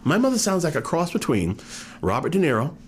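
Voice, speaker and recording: A man with a non-regional American accent, a guest author telling animated stories in a casual interview. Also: on the high side, fairly quick, a little hiss or hum. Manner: animated storyteller, drops into impressions.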